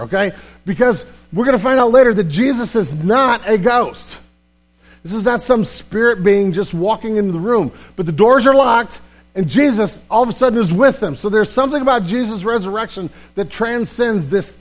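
A man pastor preaching a sermon in a church, animated and emphatic, often repeating words as he builds a point. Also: sits high. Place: church sanctuary.

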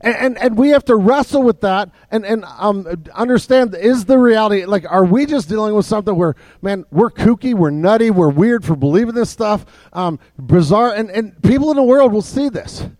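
A man preaching a sermon as pastor, in a conversational way with many fillers and restarts, dropping soft and low for emphasis. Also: normal speed, few pauses, no echo.

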